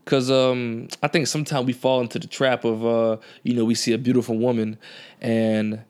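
Mid-pitched male guest, easygoing slangy talker, conversational filler throughout. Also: normal speed, clean tone. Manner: relaxed, slangy, keeps asking "you know what I'm saying". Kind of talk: casual chat.

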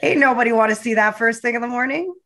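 Bright, teasing female podcast co-host. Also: fairly high pitch. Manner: teasing, quick with wry jabs. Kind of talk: casual chat.

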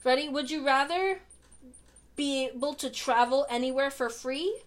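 A young woman trading would-you-rather questions in a relaxed chat, lively and quick to laugh. Her voice sits fairly high. She drops Spanish words into her English now and then. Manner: animated, laughs often, mixes in Spanish. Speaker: podcast co-host. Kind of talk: casual chat.

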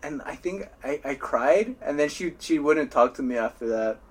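A young man spins long, looping stories from his school days in a relaxed podcast chat. He keeps starting his sentences over and swears freely. He often breaks into laughter at his own tales. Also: on the high side, moderate pace, slightly rough. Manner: rambling storytelling with frequent restarts and swearing. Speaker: podcast co-host. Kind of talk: casual chat.

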